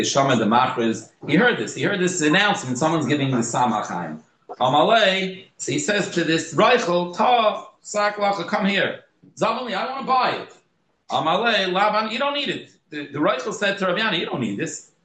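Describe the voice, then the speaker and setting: A man leads a study group in a roomy, echoing space. His voice sits at an ordinary middle pitch. He tells the story with lively acted-out dialogue, stops and restarts often, and translates each quoted line as he goes. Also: a little hiss or hum. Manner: animated storyteller, acts out dialogue with jumps in pitch. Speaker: Torah class teacher.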